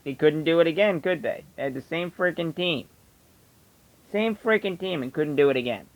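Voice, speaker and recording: A man's voice: on the high side, expressive, normal speed, phone-quality sound. A man with a Delco accent from the Philadelphia area, ranting casually and bluntly about local opinions straight to camera. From Delaware County, Pennsylvania. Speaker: vlogger.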